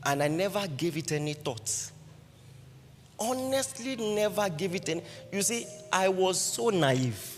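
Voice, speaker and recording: Speaking at a measured pace in a high-pitched voice, a Nigerian-accented preacher tells the congregation a personal story. His lively, anecdotal sermon is full of rhetorical questions. Faint music plays in an echoing hall.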